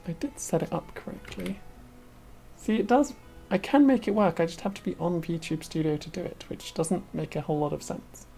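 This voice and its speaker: A woman's voice: lowish voice, moderate pace, vocal fry, mellow, soft background music. A woman VTuber giving casual, chatty commentary as she plays a game, talking to herself and laughing. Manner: chatty, talks to herself while playing, laughs often. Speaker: VTuber streamer.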